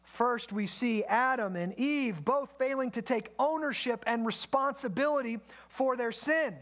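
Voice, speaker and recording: A man's voice: extremely high pitch, measured pace, a bit bright. A man preaching a sermon in a conversational way, with asides to the congregation. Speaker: pastor.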